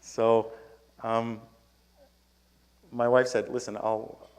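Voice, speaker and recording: This keynote speaker's voice is mid-range, level and clean, and he talks very slowly. Before an audience in a conference hall, he recounts a story and acts out his own lines in a raised voice.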